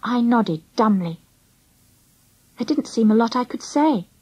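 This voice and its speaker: A woman reads a children's story aloud in the first person, her high voice rising and falling with lively expression. Her tone is soft and breathy. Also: normal speed, low-quality recording. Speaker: audiobook narrator.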